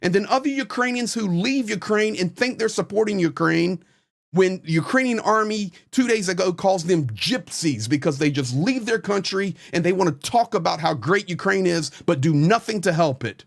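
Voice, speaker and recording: Male host, fairly high voice, blunt frustrated rant to camera. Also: lively intonation, normal speed, vocal fry. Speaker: host, volunteer supporter. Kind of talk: impassioned direct-to-camera commentary.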